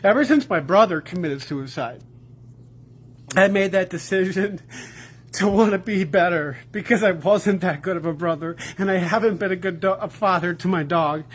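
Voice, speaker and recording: A man with a high voice cries his way through a confessional video, rambling and swearing as his voice keeps breaking. There's a faint noise under the recording. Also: normal speed. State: crying.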